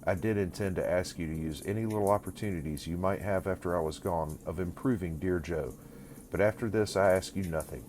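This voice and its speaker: A young man puffed up by new fortune speaks in a lofty, condescending tone, voiced by an audiobook reader. The voice is very deep, and it is told as an audiobook. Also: fairly quick, darkish tone, slight background noise, close to an everyday voice. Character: proud young man newly come into fortune.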